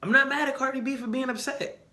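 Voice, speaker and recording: A young man hosting a casual solo podcast, giving opinionated and animated commentary and repeating his points for emphasis. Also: very high-pitched, quick pace. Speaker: podcast host.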